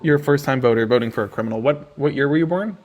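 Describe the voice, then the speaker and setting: A man's voice: mid-range voice, rapid-fire, dull audio, slight background noise. A man hosting a live-stream call-in debate, mocking and needling his guests and laughing often. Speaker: livestream debate host.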